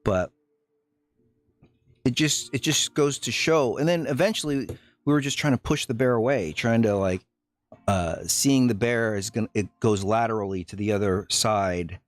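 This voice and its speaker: On a live stream, a man with a fairly low voice tells his chat a story, rambling and halting, with lots of fillers and false starts.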